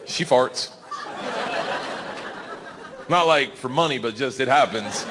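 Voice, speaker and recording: A brash, foul-mouthed man performs stand-up on a club stage, his pitch climbing and plunging as he tells animated stories. Loud crowd laughter and a noisy live-room hiss sit behind him. His voice is fairly high for a man and comes through a handheld mic. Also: unhurried, long pauses. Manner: brash, profane, animated storytelling. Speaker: stand-up comedian. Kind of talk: stand-up comedy set.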